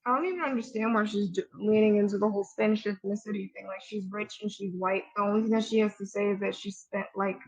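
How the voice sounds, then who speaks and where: A young woman co-hosting a podcast, chatting casually with a snarky, slangy manner and quick asides. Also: mid-range voice, fairly even intonation, highs cut off. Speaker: podcast co-host. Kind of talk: casual gossip chat.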